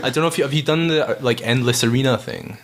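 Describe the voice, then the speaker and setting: A man's voice: medium pitch, fast. A man co-hosting a podcast, casually explaining game tactics in eager, rambling runs. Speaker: podcast co-host. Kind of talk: casual chat about video games.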